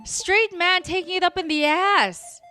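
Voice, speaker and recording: A woman co-hosting a podcast, teasing and quick to react. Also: extremely high pitch, sharp tone, soft background music. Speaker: podcast co-host. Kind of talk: casual chat.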